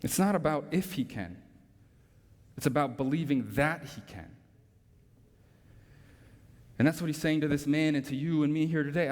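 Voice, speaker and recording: Emphatic preacher with a ringing hall echo. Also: male voice, a little high, moderate pace, long pauses. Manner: emphatic preaching with frequent rhetorical tag questions. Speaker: pastor. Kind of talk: sermon. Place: church sanctuary. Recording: long reverb from a large hall.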